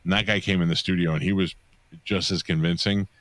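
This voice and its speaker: A man co-hosting a podcast, telling a story in a casual, animated and profane way. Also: deep voice, a little fast, no echo. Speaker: podcast co-host.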